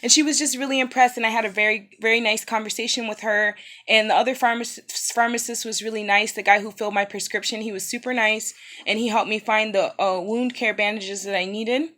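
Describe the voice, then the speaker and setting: A woman's voice: on the high side, fairly even intonation, a little fast, a bit bright. A woman in her thirties, in pain after recent surgery, telling an upsetting story in a casual vlog, with many fillers and restarts. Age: 30s. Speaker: vlogger.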